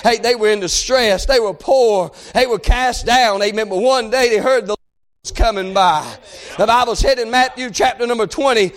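Male preacher, very high pitch, fervent shouting revival delivery. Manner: fervent, shouting, drawn-out phrases. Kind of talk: revival sermon.

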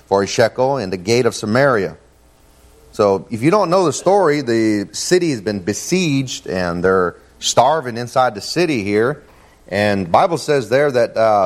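A man preaching a sermon in a folksy way, saying "man" and "amen" often, who climbs higher and louder when he reads scripture. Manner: rises in pitch and energy reading scripture. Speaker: visiting preacher.

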